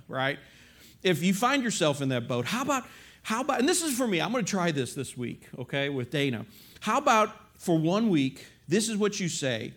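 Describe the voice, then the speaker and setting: A middle-aged male pastor preaching a sermon in an animated storytelling manner, acting out bits of dialogue. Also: high-pitched, brisk.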